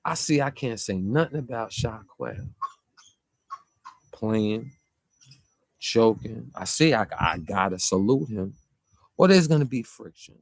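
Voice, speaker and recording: A man's voice: lively intonation, measured pace, vocal fry, long pauses, dry recording. A man ranting casually to camera as a vlogger, rambling and slangy. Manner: rambling, slangy, pitch jumping up and down. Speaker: vlogger reacting to a track.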